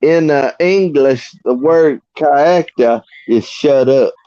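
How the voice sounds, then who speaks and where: A man's voice: fairly high pitch, slow pace, dark tone, no room sound. Man, earnest folksy talk, dry close sound, dull lo-fi audio. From Arkansas. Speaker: livestream guest. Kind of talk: casual chat.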